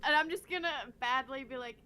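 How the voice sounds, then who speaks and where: A woman's voice: sits high, a little fast, sharp tone. A woman playing a tabletop game, chatting casually and giggling often. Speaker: player.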